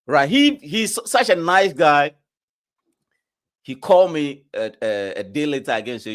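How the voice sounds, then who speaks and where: A man in casual podcast chat, telling a story with animated quoted dialogue and plenty of swearing. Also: fairly high pitch, moderate pace, smooth.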